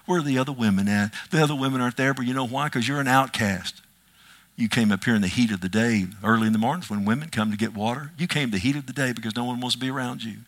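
A man preaching voices a gentle, compassionate male Jesus, speaking softly and tenderly. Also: mid-range voice, fast, lightly acted. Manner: soft, tender, quieter than his preaching.

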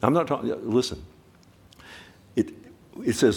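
A man preaching a sermon, asking the listeners direct questions and swinging between hushed asides and loud exclamations. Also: fairly low pitch, lively intonation, unhurried, creaky.

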